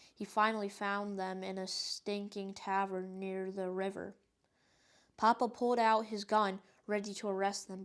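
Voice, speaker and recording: A woman reading a children's book aloud in a steady, even narrating voice. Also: medium pitch, clean tone. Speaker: storyteller.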